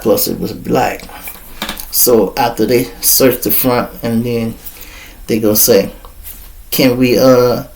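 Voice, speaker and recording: A man's voice: medium pitch, a little mellow, a little hiss or hum, low-quality recording. A middle-aged man telling a profane story as host of his show, acting out the quoted voices. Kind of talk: storytelling monologue.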